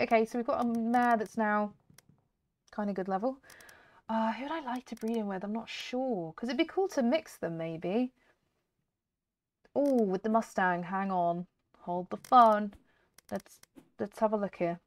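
With vocal fry in her mid-range voice, a woman who hosts gaming videos gives casual, talkative commentary on a game, often breaking into laughter. Faint clicks and background noise sit under the audio.

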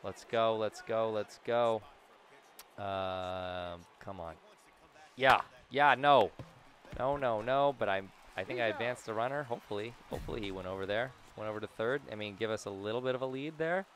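A young man casually commentating his own video game play, rambling between topics and breaking into sudden loud cheers. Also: lowish voice, a little fast. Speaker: gaming YouTuber.

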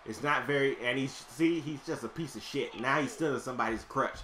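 A man's voice: medium pitch, brisk, fairly bright tone. A man commentating his own video game match, brash and profane, trash-talking his opponent in casual chat. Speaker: gameplay commentator.

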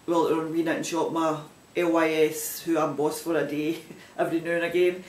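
A man's voice: a little high, level tone, moderate pace. Chatty Glaswegian man, roomy echo. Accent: Glaswegian Scottish. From Scotland. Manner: rambling and chatty, with frequent restarts. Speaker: knitting podcast host. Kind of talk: casual vlog chat.

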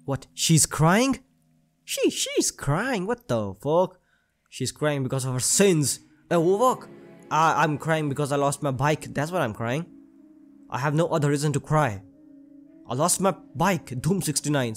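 Jokey young man commenting on gameplay. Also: medium pitch. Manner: jokey, excitable, swears. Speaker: gaming channel host.

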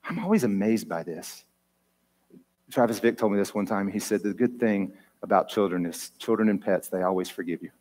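A man's voice: fairly low pitch, fairly quick, darkish tone. A man pastor preaching an earnest, personal sermon, his voice rising with feeling at its peaks. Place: church sanctuary. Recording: long church hall reverb.

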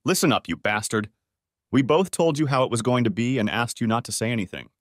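A man's voice: medium pitch, a little fast, dry recording, clean studio sound, natural voice. A man voicing an arrogant, bullying middle-aged male lawyer in a sneering, menacing manner for an audiobook story. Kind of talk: audiobook character voice.

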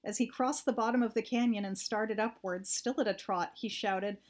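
A woman reading a first-person story aloud in a steady, plain narrating voice. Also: mid-range voice, normal speed, hardly any pauses. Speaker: audiobook reader.

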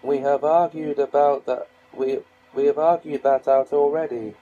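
A man's voice: fairly high pitch, fairly even intonation, moderate pace, dark tone, lo-fi sound, natural voice. A man voicing a friendly young king in a storybook reading, speaking in courteous, old-fashioned phrasing.

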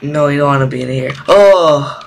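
A man's voice: on the high side, normal speed, creaky. A man playing a horror game on stream, jumpy and repeating himself whenever he gets scared. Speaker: gaming video creator. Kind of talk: horror game let's-play commentary. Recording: keyboard typing noise behind voice.

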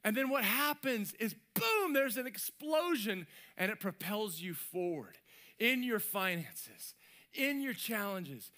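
A man preaching a sermon as pastor, animated and lively, acting out little voices and sound effects. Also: very high voice, a little slow. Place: church stage.

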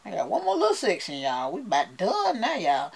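A woman's voice: mid-range voice, huge pitch swings, brisk, vocal fry, slight background noise. A woman with a Southern US accent, chatting playfully to camera as a beauty vlogger and laughing often. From United States. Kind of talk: casual chat to camera.

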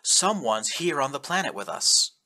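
A man's voice: a little high, very animated, moderate pace, sharp tone, exaggerated voice. A man reading aloud, voicing a young male adventurer who talks in an urgent, direct way.

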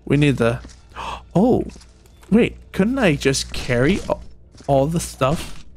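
Lively playful man narrating gameplay. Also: fairly high pitch, takes it slowly, faint music behind. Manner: rambling, jokey, mock-sinister asides to game characters. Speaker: gaming video creator.

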